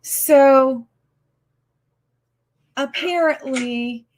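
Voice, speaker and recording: Upset woman venting on her livestream, kinda high voice, keeps stumbling over her words, swears a lot. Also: darkish tone. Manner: halting, stumbling restarts, swearing, agitated. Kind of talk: casual live-stream rant.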